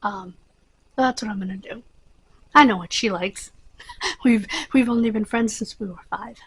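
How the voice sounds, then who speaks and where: A woman's voice: medium pitch, moderate pace, husky, low-quality recording. A middle-aged woman hosting her own channel, chatting casually and rambling with many fillers. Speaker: channel host. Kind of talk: casual chat to camera.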